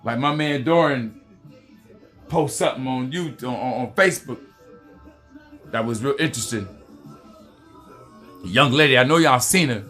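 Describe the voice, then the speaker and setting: A man's voice: medium pitch, moderate pace, long pauses, pushed and bright, soft background music. A man from the United States hosting a heated political commentary rant, swearing often and repeating "you know what I mean". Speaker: commentary host.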